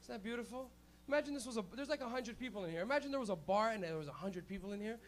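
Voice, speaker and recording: A man's voice: high-pitched, expressive, racing. A young man doing a loose, swearing stand-up set, acting out quotes as he hosts a small club night. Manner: loose, rowdy, swears a lot, acts out quotes. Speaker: stand-up comedian and host. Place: small club stage with a live audience.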